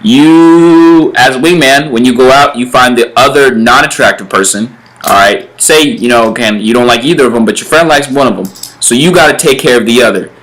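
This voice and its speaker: A man's voice: mid-range voice, moderate pace, a bit bright, low-quality recording. A young man hosting a casual comedy vlog, explaining dating rules in loose, filler-heavy bro talk. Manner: laid-back bro talk, filler-heavy, acts out little scenes. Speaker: vlog host giving dating advice.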